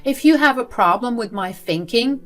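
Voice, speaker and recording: A woman's voice: fairly high pitch, expressive, normal speed, soft background music, pitched above the performer's own voice, close to an everyday voice. A woman reading as a sneering spiteful grandmother. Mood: contemptuous. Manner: sneering, dismissive. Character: cold spiteful older woman, grandmother and school principal.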